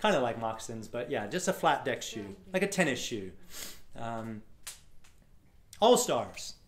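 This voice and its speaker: Animated storytelling man from Florida. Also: mid-range voice, a little slow, crowd noise. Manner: animated, acts out voices of people in his story. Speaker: speaker. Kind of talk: storytelling talk to a live audience. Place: event room with a live audience.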